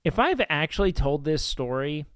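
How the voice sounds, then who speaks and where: A man's voice: a little high, big pitch swings, normal speed, fairly bright tone, smooth, no room sound. A young man chatting casually on a live stream, rambling and swearing with lots of fillers.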